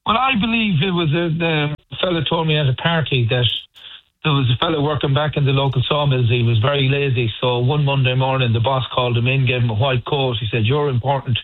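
A middle-aged Irish band member talks on a phone interview in a mid-range voice at a fairly quick pace. He rambles like a storyteller, restarting hesitantly, and the dry recording comes through a tinny phone line.

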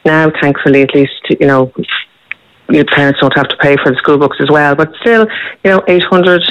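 A woman's voice: deep voice, normal speed, no room sound. A woman, a parent calling into a radio show, speaking in a matter-of-fact and slightly hesitant way. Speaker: caller, parent. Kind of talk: radio phone-in interview. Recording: dull phone line.

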